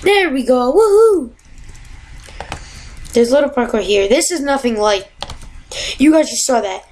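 A woman giving casual, excitable commentary while playing a video game at home, often exasperated and yelping at tough jumps. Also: on the high side, a little fast, low-quality recording. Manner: exasperated, excitable, yelps and gasps. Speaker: gamer.

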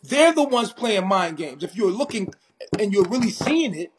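A man from Harlem with a New York accent, ranting intensely and confrontationally on a live stream, loud and in your face. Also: high-pitched, very animated, normal speed, music in the background. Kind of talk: heated live stream rant.

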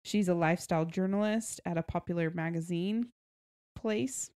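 A woman's voice: lowish voice, normal speed, a little mellow, clean tone, no room sound, studio quality. A young woman co-hosting a casual book-review podcast, chatty and giggly, leading the book summary. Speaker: podcast co-host.

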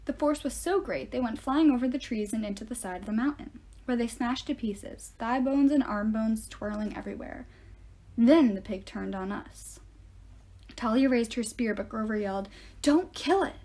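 Higher-pitched woman reading a novel aloud. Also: normal speed. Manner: steady first-person storytelling. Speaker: audiobook reader.

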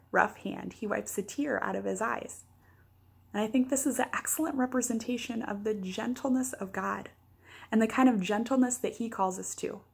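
A woman's voice: mid-range voice, gravelly, slightly rough. A woman pastor giving a daily devotional, teaching earnestly with playful asides.

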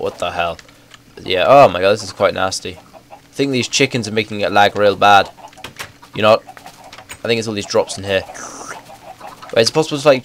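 A young man with a cold, rambling and excitable as he comments on his own gameplay. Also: on the low side, slight background noise. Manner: excitable, rambling, self-correcting. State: stuffy with a bad cold. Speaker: gaming YouTuber. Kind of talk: casual game commentary.

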